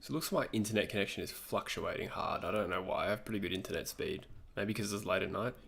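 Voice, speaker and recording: A man's voice: deep voice, quick pace, vocal fry, a bit bright, slight background noise. A young Australian man hosting a live stream, chatting casually and answering his viewers' messages.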